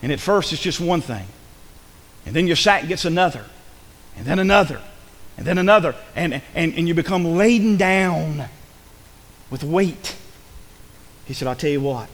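A man preaching a sermon in church, swinging between loud, emphatic passages and hushed ones. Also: on the high side, expressive, moderate pace, pauses often, long reverb tail. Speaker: pastor.

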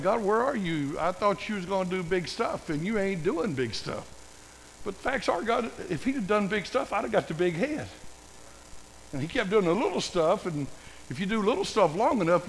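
Older preacher, gravelly and high. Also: male voice, a bit bright, big-room sound, a little hiss or hum, low-quality recording. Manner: folksy, self-mocking storytelling. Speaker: pastor. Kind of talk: sermon.

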